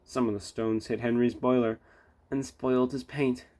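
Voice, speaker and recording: A man's voice: medium pitch, level tone, moderate pace, a little mellow. A man reading a children's railway storybook aloud with little chatty asides. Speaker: storybook reader.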